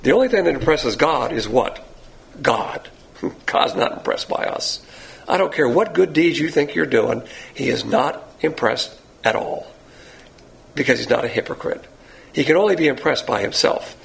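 A man's voice: mid-range voice, animated, moderate pace, gravelly. A man teaching a Bible lesson in a blunt, lecturing sermon style, pointing to words he has written up. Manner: blunt, lecturing, uses a board.

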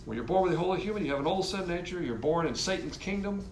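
A man's voice: sits high, expressive, quick pace, a little hiss or hum. A man teaching a Bible lesson from diagrams, explaining in a blunt, emphatic way.

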